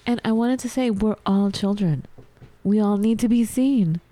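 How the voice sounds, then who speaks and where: Mellow, gushing woman podcast host. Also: mid-range voice, moderate pace, dry recording. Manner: effusive, grateful, gushing. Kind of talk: casual podcast chat.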